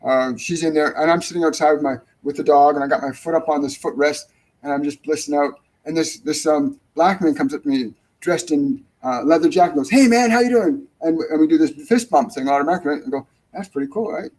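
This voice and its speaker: A man's voice: on the high side, fairly even intonation, quick pace, a little mellow, low-quality recording. A middle-aged man hosting a live-stream spiritual Q&A, rambling and repeating phrases for emphasis. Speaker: spiritual medium, show host.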